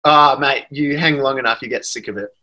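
A man's voice: medium pitch, fairly quick, bright, forceful tone, poor audio. An Australian man, a guest actor, chatting casually in a rambling, self-deprecating way. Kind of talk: casual chat.

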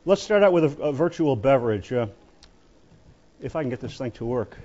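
A male lecturer talks his way through a poetry class, stopping often with fillers and false starts. His voice sits at an ordinary middle pitch. The recording is slightly muffled and dull. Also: lively intonation, darkish tone. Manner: halting, many fillers and restarts. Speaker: literature lecturer.

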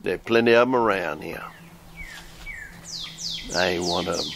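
Gravelly old preacher guy in his sixties, folksy drawl, reading scripture slow. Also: low-pitched, background noise. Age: 60s.

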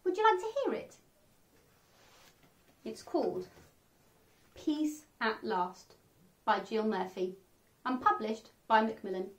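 Lively woman reading a kids' picture book. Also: a little high, unhurried, long pauses. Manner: animated, expressive storytelling with sound effects. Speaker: children's storyteller.

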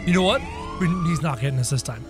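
A man doing excitable, jokey game commentary, yelping and shouting as he plays. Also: mid-range voice, fast talker, heavy background noise. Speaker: gaming channel host. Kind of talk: game commentary, playing in character.

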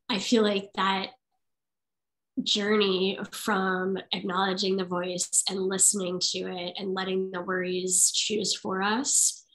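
Woman host, even flat pitch, effusive chat, video call. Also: poor audio. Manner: warm effusive praise, quick phrases. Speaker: author and event host. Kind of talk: casual conversation at an online book event.

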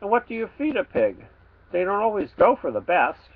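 A man, the author, reading his children's storybook aloud with playful, expressive delivery. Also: sits high, normal speed, narrow, tinny audio.

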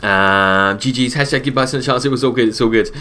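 A man with a bright, forceful voice talks through a live game stream, reading chat messages out and replying in a relaxed, chatty way, often repeating himself. Soft keyboard typing sits faintly behind him. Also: mid-range voice, fast talker, a little hiss or hum. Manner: reads chat messages aloud and answers viewers between play calls; relaxed, chatty, repeats his own phrases. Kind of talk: casual live-stream commentary while gaming.

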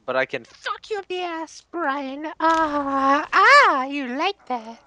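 Young man with very lively, bright voice. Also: very high voice, slow pace, dry recording. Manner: laughing often, crude joking. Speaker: let's play gamer. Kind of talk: casual gaming banter.

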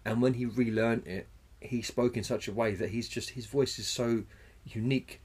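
A man's voice: medium pitch, fairly even intonation, moderate pace, darkish tone, husky. A man co-hosting a podcast in casual chat, rambling, swearing freely and searching for names mid-sentence. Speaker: podcast co-host.

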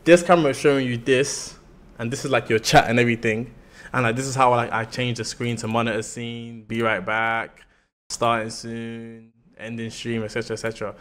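A man's voice: mid-range voice, little pitch movement, fairly quick, a bit bright. Young London man chatting on stream. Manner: chatty, explains things loosely with lots of "like". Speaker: livestream host. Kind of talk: casual livestream chat.

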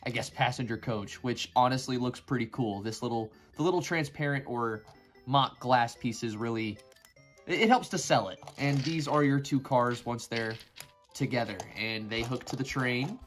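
A man's voice: mid-range voice, moderate pace, soft background music. A man giving casual commentary on a toy build, rambling and joking as he goes. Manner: rambling, joking, easily sidetracked.

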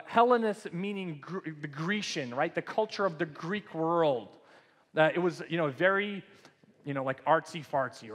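A man preaching a sermon as pastor in a loose, joking, conversational way. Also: on the high side. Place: church sanctuary. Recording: long church hall reverb.

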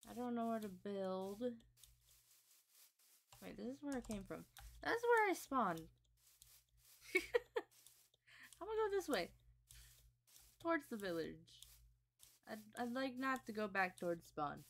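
A woman's voice: on the high side, big pitch swings, takes it slowly, pauses often. A woman streaming a game, chatting casually and muttering to herself as she plays, self-deprecating and easily startled. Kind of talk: casual gameplay commentary. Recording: loud background noise.

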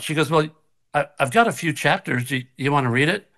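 Speaking briskly in a slightly high, bright, forceful voice, an older man who acts shares a casual story over a video call from his kitchen. He's animated, laughs frequently, and acts out the voices he quotes.

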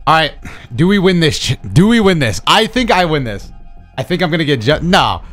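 A young man streaming a video game, talking to himself in excitable, profane commentary. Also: on the high side, a little fast, soft background music. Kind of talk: casual gameplay commentary.

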